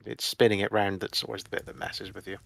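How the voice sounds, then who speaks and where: A man's voice: fairly low pitch, little pitch movement, quick pace, gravelly, fairly bright tone. A man co-playing on a gaming stream, chatting with a dry, wry humour. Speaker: co-player on stream. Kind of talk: casual gaming chat.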